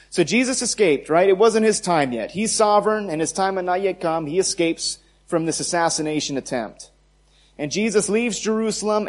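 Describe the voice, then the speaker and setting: Emphatic preaching man, higher voice. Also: darkish tone. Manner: emphatic preaching with rising repeated phrases. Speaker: pastor. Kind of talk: sermon.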